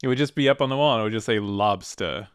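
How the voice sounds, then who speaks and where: A man's voice: medium pitch, steady tone, racing, smooth, no echo. A man co-hosting a podcast in casual chat, making short dry quips. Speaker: podcast co-host.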